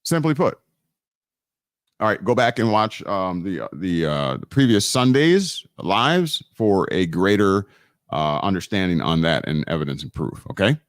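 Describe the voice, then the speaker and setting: With a deep, sing-song voice and a measured pace, a man hosts a live online teaching, and the studio-quality recording has no echo. He preaches about law and scripture in an emphatic, preachy manner, restarting frequently and repeating important phrases.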